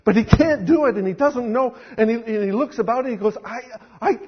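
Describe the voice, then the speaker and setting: Husky-voiced male pastor telling a story. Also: extremely high pitch, quick pace, muffled recording. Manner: dramatic, acts out characters. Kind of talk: sermon storytelling.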